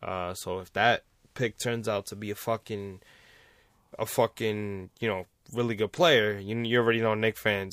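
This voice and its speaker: A man's voice: lowish voice, moderate pace, a bit bright, no echo, studio quality. A man hosting a sports vlog, ranting casually with heavy swearing and repeating his points for emphasis. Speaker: sports commentator, vlog host.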